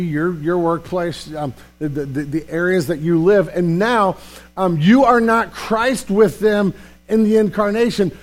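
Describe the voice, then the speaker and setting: A man pastor preaching a sermon in a church, animated and emphatic, often repeating words as he builds a point. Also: high-pitched. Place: church sanctuary.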